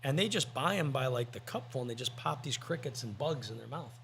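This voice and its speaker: Gravelly joking male podcast co-host. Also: mid-range voice, expressive, fairly quick, fairly bright tone, slight background noise. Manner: rambling, joking anecdotes. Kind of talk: casual chat and storytelling.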